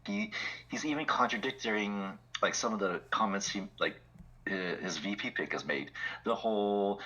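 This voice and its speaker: Male podcast co-host with a very low, husky voice who chuckles a lot and fills his talk with "like". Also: lively intonation, normal speed, bright, forceful tone, highs cut off. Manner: chuckling often, lots of "like" fillers. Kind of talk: casual political chat.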